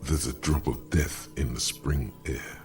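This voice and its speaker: An actor voicing a grave male game narrator, telling the story in slow, solemn lines. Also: extremely low pitch, fairly even intonation. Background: game music.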